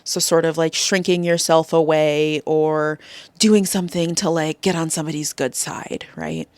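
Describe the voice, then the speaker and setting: A woman with a lowish voice hosts a solo podcast, guiding listeners in a gentle, encouraging tone. She talks conversationally, with casual fillers and frequent "right?" check-ins. The sound is dry and close, with no room around it. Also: steady tone, normal speed, clear, resonant tone, no room sound. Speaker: podcast host. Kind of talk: solo podcast coaching talk.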